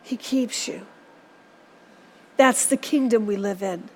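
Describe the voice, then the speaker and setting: A woman preacher delivers a sermon in a church, speaking earnestly and exhorting her listeners. Her voice is mid-range and slow.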